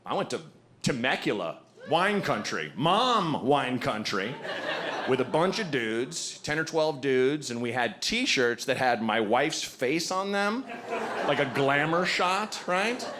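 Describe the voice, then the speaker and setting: A man in his forties doing a stand-up comedy set, telling animated stories, acting out voices and swearing freely. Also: mid-range voice, takes it slowly, crowd noise. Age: 40s. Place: comedy club stage. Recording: live club recording with audience noise. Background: audience laughter.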